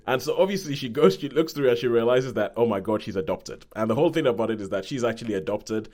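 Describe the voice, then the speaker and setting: A man's voice: medium pitch, expressive, fast talker, few pauses, darkish tone. A man hosting a podcast, chatting casually and rambling through a review, correcting himself as he goes. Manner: rambling, self-correcting, acts out quoted voices. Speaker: podcast host.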